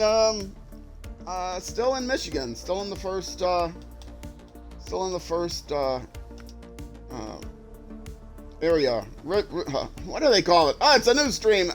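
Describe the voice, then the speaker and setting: A man's voice: high voice, lively intonation, takes it slowly, long pauses, soft background music. A middle-aged man with a Minnesota accent, tired and rambling through live gameplay commentary, chatty and self-mocking, tripping over his words. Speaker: game streamer.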